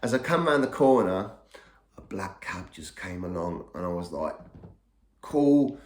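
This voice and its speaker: Middle-aged man, lowish voice, rambling casual storyteller, echoey room. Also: big pitch swings, normal speed. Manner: rambling, repeats and restarts words. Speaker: podcast host telling his own story.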